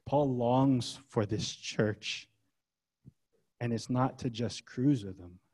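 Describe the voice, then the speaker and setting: A man's voice: mid-range voice, slow, darkish tone, breathy edge. A man preaching a sermon as pastor, in a casual, conversational way full of rhetorical questions. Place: church gathering.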